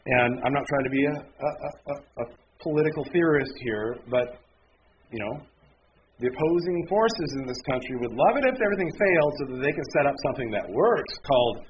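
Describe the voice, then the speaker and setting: A man's voice: mid-range voice, lively intonation, fairly quick. Rambling self-mocking man preaching, muffled. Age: 30s. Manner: rambling, self-deprecating, frequent restarts. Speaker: pastor. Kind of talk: casual conversational sermon. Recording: muffled, noisy lo-fi recording.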